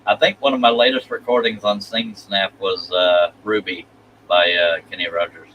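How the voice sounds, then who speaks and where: A man's voice: low voice, level tone, normal speed, muffled recording, slight background noise. A man hosting a casual live stream, rambling and reading viewer comments aloud.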